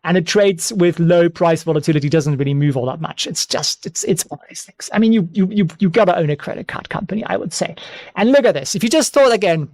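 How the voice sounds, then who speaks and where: A man hosting an investing channel, giving casual stock analysis with excitable, joking asides and frequent repeats. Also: high voice, fairly quick, no room sound.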